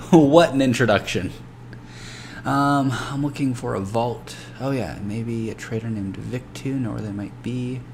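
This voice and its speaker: A man streaming a video game and thinking out loud in casual chat, swearing often. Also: mid-range voice, a little slow, slight background noise.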